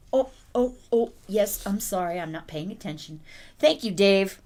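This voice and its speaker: A woman's voice: fairly low pitch, animated, moderate pace. A woman hosting a casual livestream, cooing and baby-talking to her puppy and laughing often. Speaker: livestream host.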